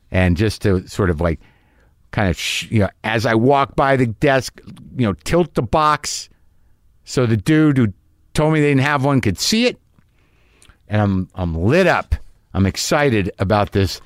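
A man's voice: medium pitch, dry recording, studio quality. A middle-aged man telling a stand-up story, rambling and self-mocking, swearing freely and acting out his own asides. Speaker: comedian.

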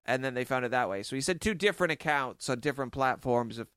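A man co-hosting a podcast, recounting a story in a deadpan, sarcastic way. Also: mid-range voice, fast talker, clean tone, no room sound. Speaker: podcast co-host. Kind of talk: casual comedic chat.

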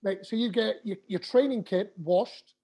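A man's voice: high voice, normal speed, mellow, breathy edge. A man, a former pro rugby player chatting casually on a podcast and often restarting his sentences.

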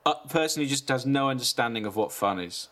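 Playful, teasing man with lively pitch. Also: fast talker. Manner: playful, teasing, sweary banter. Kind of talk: casual comedic chat.

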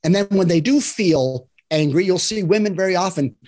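A man's voice: high-pitched, expressive, normal speed, darkish tone. A man who works as a divorce and love coach, talking earnestly in a casual podcast conversation, often checking in with "right?". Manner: earnest, explanatory, acts out examples in other voices; frequent "right?" tag questions.

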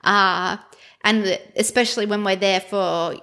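A young adult Australian woman co-hosting a podcast, chatting casually with lots of "like" and quick laughs. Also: mid-range voice, fairly even intonation, bright, forceful tone. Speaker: podcast co-host. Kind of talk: casual chat.

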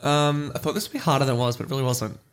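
A man co-hosting a relaxed film podcast, with a mid-range voice that sits in the middle of the male register. He talks fast and eagerly, tripping over repeated words as his enthusiasm runs ahead of him. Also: medium pitch, clean tone. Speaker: podcast co-host. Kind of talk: casual film review chat.

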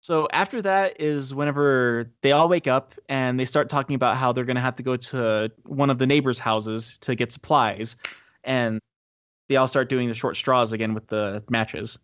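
A man's voice: normal speed, smooth, dry recording, dull audio. A man co-hosting a podcast, casually recapping a movie and acting out its scenes. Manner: animated retelling, acting out quotes in a high squeaky voice. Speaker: podcast co-host.

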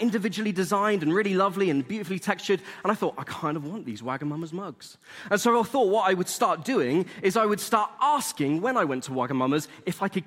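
A man's voice: high voice, fairly bright tone, in a large hall. A young man giving a sermon as a chatty, self-deprecating story. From England.

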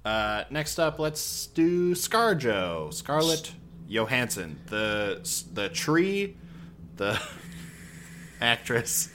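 Male co-host, enthusiastic, highly animated pitch. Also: drawn-out words, slight background noise. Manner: enthusiastic, gushing, easygoing. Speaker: podcast co-host. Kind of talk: casual movie review chat.

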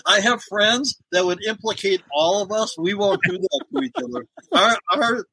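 A man's voice: high voice, normal speed, sharp tone, breathy edge, no room sound, poor audio. A middle-aged man, a former wrestler, telling road stories in a casual interview and laughing often. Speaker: guest, former pro wrestler.

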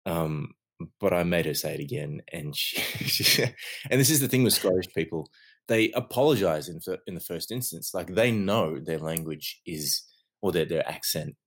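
A man from Australia, an actor co-hosting a casual chat, telling animated stories and laughing often. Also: low voice, normal speed. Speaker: actor, podcast co-host.

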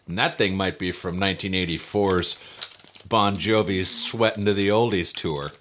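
A man's voice: deep voice, normal speed, fairly bright tone, slight background noise. A man co-hosting a comedy podcast, teasing his partner in casual banter. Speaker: podcast co-host.

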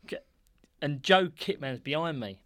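A man's voice: fairly high pitch, expressive, measured pace, crowd noise. A man telling football stories in casual chat, laughing, swearing and acting out what people said. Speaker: guest storyteller, former footballer.

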